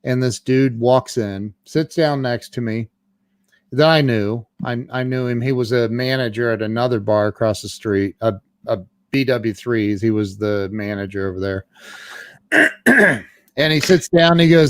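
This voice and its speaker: A middle-aged man, appearing as a guest, recounts his own story in a candid, unpolished way, often stammering and restarting. His voice is of ordinary pitch, recorded close and dry without any room echo.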